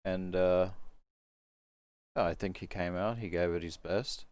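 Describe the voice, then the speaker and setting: A man's voice: sits low, fairly even intonation, takes it slowly, darkish tone, no echo. A man co-running a casual live stream, reading donations and judging with dry humor. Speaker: show host and judge.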